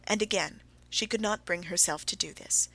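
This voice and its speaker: A woman with a mid-range voice reads a classic novel as an audiobook, her narration measured and expressive.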